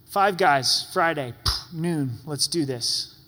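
A man's voice: a little high, expressive, slow pace, bright, forceful tone, big-room sound. A man preaching a sermon as pastor in a church sanctuary, talking in an earnest, pleading, conversational way.

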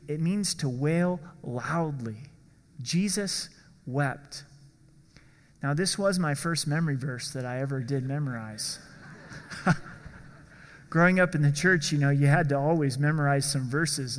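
Male pastor, earnest sermon delivery, a touch high-pitched, echoing church hall. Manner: earnest, slows down for emphasis.

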